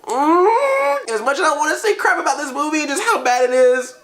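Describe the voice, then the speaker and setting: A man giving a comedic movie review, jokey and animated, often slipping in and out of silly voices. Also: very high voice, fast, reverberant.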